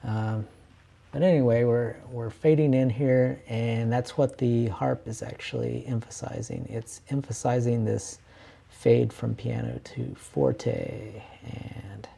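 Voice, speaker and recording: A man's voice: medium pitch, fairly even intonation, slow pace, creaky, dark tone, husky. A man, a composer, explaining orchestration casually in a screen-share lesson, thinking aloud with fillers and restarts.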